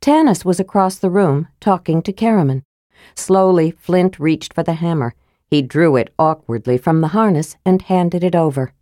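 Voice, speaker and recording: A woman narrating an audiobook in an even storytelling manner, close to the mic. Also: on the low side, moderate pace, no echo. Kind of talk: scripted narration.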